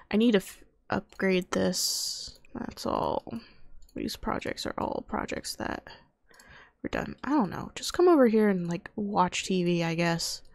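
A woman's voice: on the high side, vocal fry, darkish tone, dry recording. A young woman casually commenting on her video game as she plays, chatting to her characters and muttering to herself. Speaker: gaming youtuber. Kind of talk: casual let's-play commentary.

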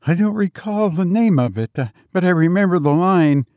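A timid old houseman, frightened and pleading, his voice pitched high and stammering, as a man puts him on. He quavers through every line, close and dry on the mic, in an old-time audio drama. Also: lively intonation, moderate pace, warm tone, no echo. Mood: fearful.

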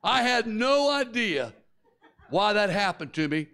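A man's voice: sits high, big pitch swings, a little slow, creaky, bright, forceful tone, slight background noise. A middle-aged man preaching a sermon, telling a personal story and acting out the voices and screams of the people in it. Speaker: guest preacher.

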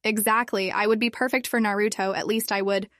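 A blunt, dramatic teenage girl whose words tumble out in whiny, exasperated bursts, as a woman reads her out. The voice sits at a middling pitch and sounds close and dry. It belongs to a storybook-style reading. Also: fairly even intonation, a little fast, a bit bright, dry recording, close to an everyday voice.

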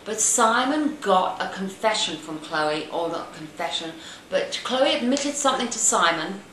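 A British woman hosting a casual tea-and-chat video, talking in an animated, gossipy way and sometimes slipping into silly put-on voices. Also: mid-range voice, roomy sound, a little hiss or hum, low-quality recording. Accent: British English. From Britain. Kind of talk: casual chatty monologue.

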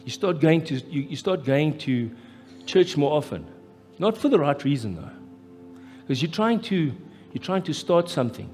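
A man with a South African accent preaching a live sermon as pastor, impassioned and rising to loud, emphatic peaks. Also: a little high, animated, normal speed. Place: church hall, live. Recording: echoey church hall with faint music.

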